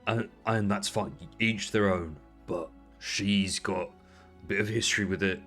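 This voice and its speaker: A man voicing a traditional male Firbolg smith who speaks quietly, in a measured and politely firm way. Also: fairly low pitch, steady tone, soft background music. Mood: stern calm.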